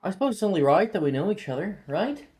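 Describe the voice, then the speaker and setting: A man's voice: high-pitched, very animated, quick pace, darkish tone, pitched above the performer's own voice. A man voicing a shy, tall young schoolgirl who talks hesitantly and trails off.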